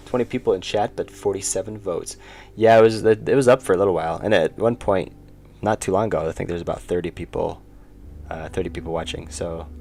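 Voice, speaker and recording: Guy streaming his art, deep voice with fry, mumbly and chill, quiet music behind. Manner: low-key, mutters to himself while working. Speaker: indie game developer streaming. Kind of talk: casual livestream commentary while drawing. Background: faint background music.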